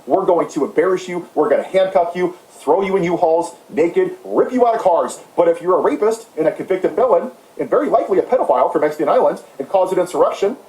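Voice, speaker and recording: A man's voice: high voice, darkish tone. Sarcastic ranting man, echoey room. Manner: sarcastic, mocking, heated. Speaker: political commentator. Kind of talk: impassioned ranting monologue.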